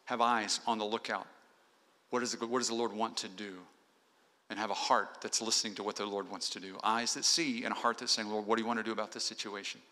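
Man, pastor, earnest sermon, bright forceful tone, long reverb. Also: fairly low pitch, flat delivery, fast talker. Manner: earnest, exhorting, lists numbered points. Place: church sanctuary.

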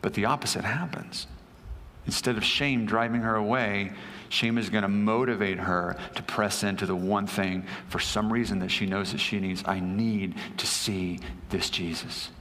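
A man's voice: fairly low pitch, steady tone, moderate pace, sharp tone, big-room sound. A male pastor preaching a sermon, telling a story conversationally with asides to the congregation.

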